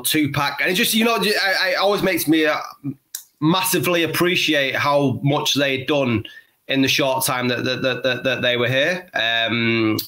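A man's voice: a little high, bright, forceful tone. A man in his forties co-hosting a podcast, chatting enthusiastically and rambling with lots of restarts. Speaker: podcast co-host. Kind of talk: casual chat.

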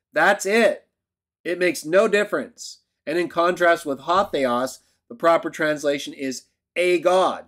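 A man's voice: on the high side, fairly bright tone. Argumentative man lecturing on scripture. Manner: argumentative, keeps asking "right?"; emphatic outbursts. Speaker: Bible teacher. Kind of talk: lecture-style video commentary.

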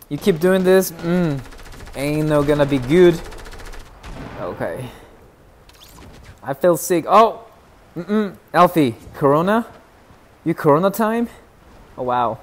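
A young man streaming a shooter game live, chattering excitably and teasing his chat. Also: slow pace, long pauses. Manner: excitable, yelps in sudden high bursts.

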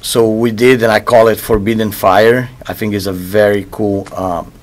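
Musician interviewee, male, a bit low in pitch, loose and rambling. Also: flat delivery, normal speed. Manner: loose, rambling, repeats words while searching for them. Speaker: musician interviewed about his album. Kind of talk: casual interview talk.

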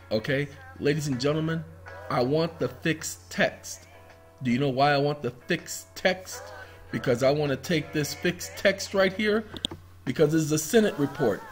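Guy rambling thru docs on his screen, calls everyone y'all, voice bounces up n down, music faint behind. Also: on the high side. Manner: rambling, talks to viewers as y'all, sings snatches of songs. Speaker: video host. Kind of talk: casual screen-share commentary.

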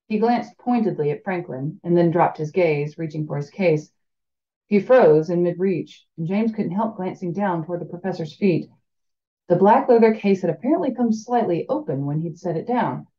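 A woman's voice: on the low side, moderate pace, mellow, muffled recording. A woman reading a fantasy novel aloud, chatting and laughing in the breaks between passages. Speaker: reader of a fan audiobook.

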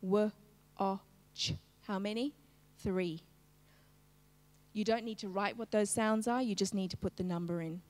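A woman teaching a live-streamed phonics lesson, slowly segmenting each sound in a word and prompting the class to join in. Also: mid-range voice, darkish tone, big-room sound. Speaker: literacy teacher.

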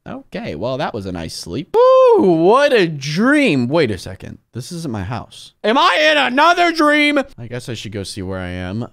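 Young male gaming YouTuber, animated pitch, jumps from muttering to shouting, playful and jittery. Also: vocal fry. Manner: excitable, shouts and laughs, big swings between mumbling and yelling. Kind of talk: excited gameplay commentary.

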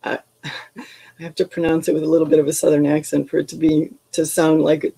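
A woman's voice: deep voice, flat delivery, brisk, gravelly, dark tone, slightly rough, low-quality recording. An older woman, a retired English professor, leads a poetry workshop over a video call, speaking thoughtfully with frequent ums and restarts. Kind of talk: reflective workshop talk with poetry readings.

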